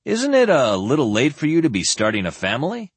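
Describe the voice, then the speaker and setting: A man's voice: medium pitch, wildly swooping pitch, fairly quick, breathy edge, no room sound, voice pushed up, exaggerated voice. A man voicing a teasing, jovial male knight in a lifted, bantering tone.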